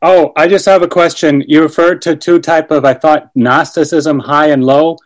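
Polite priest asking a question. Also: male voice, on the high side, fairly even intonation, moderate pace. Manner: polite, hesitant. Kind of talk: audience question.

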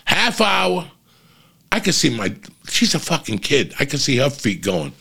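Man, gravelly voice, middle pitch, exasperated profane rant, constant swearing. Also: very animated, normal speed, pushed and bright. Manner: storytelling with quoted asides. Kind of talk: profane ranting monologue.

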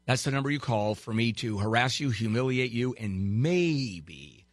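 A man's voice: medium pitch, lively intonation, a little slow, dry recording. A man hosting a call-in legal advice radio show, brash and teasing, giving callers blunt advice with wisecracks.

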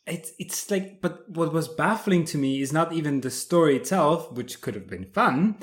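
A man on a podcast, chatting casually about a film and telling the story in an animated, amused way with many restarts. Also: a little high, normal speed. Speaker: podcast guest discussing films.

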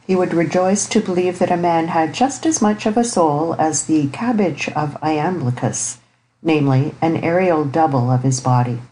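A woman narrating a classic novel in an audiobook, with a measured, even delivery. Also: low voice, a little hiss or hum, low-quality recording. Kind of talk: scripted narration.

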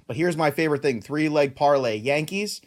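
A man hosting a sports podcast, casually running through stats and betting picks. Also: a little high. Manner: quick run-through of stats, laughs easily. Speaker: podcast host.

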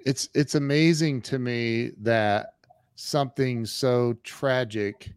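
Slow-talking man in his fifties. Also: mid-range voice, fairly even intonation, clear, resonant tone, no room sound. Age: 50s. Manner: halting, restarts often, warmly encouraging. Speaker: podcast host. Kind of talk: casual interview chat.

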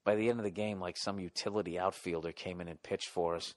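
A middle-aged man with a Boston accent hosting his own podcast. He rants in a profane, comic style and yells at times. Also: low-pitched, steady tone, fast talker. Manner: profane, ranting, yelling at times. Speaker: podcast host. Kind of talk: solo comedic podcast rant.

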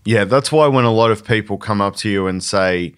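Low-voiced rambling man. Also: a little fast, clear, resonant tone. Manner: rambling, hesitant, chatty. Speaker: podcast co-host. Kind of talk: casual chat.

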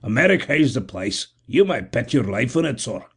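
A man's voice: medium pitch, very animated, a little fast, slightly rough. A man putting on a blustering Irish emigrant. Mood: ranting. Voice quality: voluble, blustering. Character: tipsy, boastful middle-aged Irish emigrant man.

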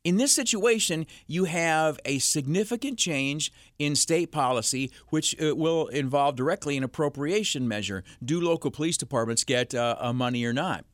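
Riffing solo between calls, a man hosting a call-in radio show rambles sarcastically and slips into mock voices. His fairly high voice has lively intonation at a normal speed with few pauses. Recorded in a radio studio with no echo.

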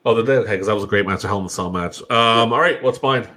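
A man co-hosting a casual chat show, blunt and profane, who swings between mumbled asides and loud outbursts. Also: lowish voice, fast talker. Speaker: podcast co-host.

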